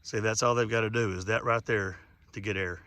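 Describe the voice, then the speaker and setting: A man's voice: fairly low pitch, steady tone, brisk, sharp tone, dry recording. A middle-aged man hosting a casual nature vlog outdoors by a pond, talking in a folksy, rambling way. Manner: folksy, chatty, rambling with fillers. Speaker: channel host.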